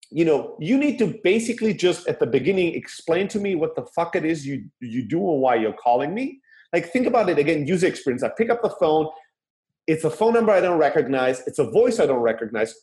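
Animated man talking sales, echoey room. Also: on the high side. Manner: animated and emphatic, with frequent "right?" asides and occasional swearing. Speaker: sales coach. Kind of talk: casual talk on phone sales.

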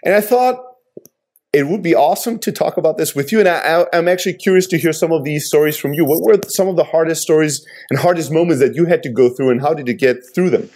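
A man with a slightly higher voice speaking earnestly about his hardest days as an entrepreneur. He talks in a reflective, conversational way. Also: quick pace, darkish tone.

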